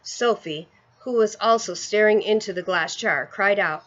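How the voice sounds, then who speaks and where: A woman narrating a children's book aloud in an expressive, measured way. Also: mid-range voice, dull audio. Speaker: storyteller. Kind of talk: storybook read-aloud.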